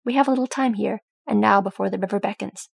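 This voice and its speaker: A woman voicing an earnest noble soldier who speaks low and gravely. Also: fast, no echo, clean studio sound.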